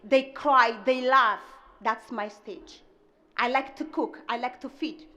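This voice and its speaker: Woman, high voice, graduation speaker, animated storytelling, non-native English. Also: slow pace. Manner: animated, acts out family dialogue. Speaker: commencement speaker. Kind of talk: personal storytelling speech. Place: graduation ceremony.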